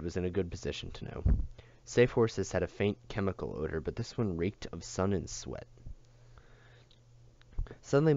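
A man reading a novel aloud in a steady, unhurried way, on a dull lo-fi recording. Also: deep voice, vocal fry. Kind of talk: audiobook reading.

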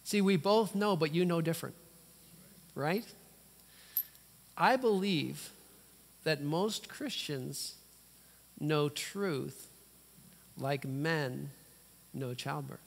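Male guest preacher, fairly high voice, lively rhetorical sermon, long church reverb. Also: extremely slow, vocal fry, long pauses. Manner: animated, rhetorical questions, playful asides. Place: church sanctuary.

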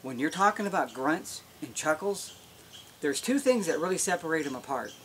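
A man's voice: on the high side, lively intonation, moderate pace, fairly bright tone, slight background noise. A man teaching how to make elk calls, explaining in a folksy, step-by-step way. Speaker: elk calling instructor. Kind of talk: instructional demonstration.

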